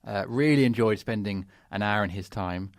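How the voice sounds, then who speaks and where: A man's voice: lowish voice, normal speed, no room sound, clean studio sound. Self-deprecating podcast co-host man. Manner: self-deprecating, laughs at himself. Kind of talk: casual podcast chat.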